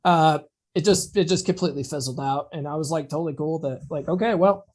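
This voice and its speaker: A man's voice: fairly high pitch, fairly even intonation, quick pace, a little mellow. A man co-hosting a podcast, telling a personal story in a chatty way and laughing at his own lines. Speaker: podcast co-host. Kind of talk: casual chat, personal story.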